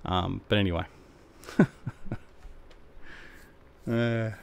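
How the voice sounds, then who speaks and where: A man's voice: fairly low pitch, fairly even intonation, drawn-out words, vocal fry, smooth. A middle-aged Australian man chatting casually on a game live stream, rambling and slangy as he answers his viewers. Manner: laid-back, rambling, slangy.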